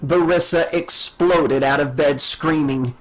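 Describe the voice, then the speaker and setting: Man narrating an audiobook, fairly high voice. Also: fairly even intonation, slow, rough recording.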